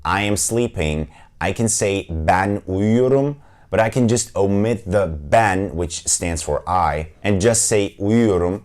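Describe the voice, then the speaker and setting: A man's voice: deep voice, darkish tone. A man whose first language is Turkish, patiently explaining pronunciation in a language lesson and modelling the sounds step by step. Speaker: language teacher.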